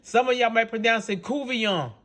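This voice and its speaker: A middle-aged man from Louisiana with a Cajun accent, chatting casually as he hosts a home cooking video, folksy and quick to laugh. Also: very high voice. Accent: Louisiana Cajun English. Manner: chatty and animated, laughs often, folksy dialect. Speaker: cooking show host.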